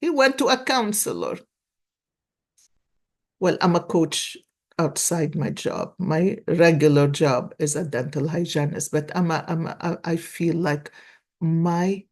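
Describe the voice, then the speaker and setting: A woman's voice: low-pitched, slow pace, a little mellow. A woman in her sixties giving a casual card reading, telling stories earnestly with many restarts. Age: 60s. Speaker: tarot card reader and life coach.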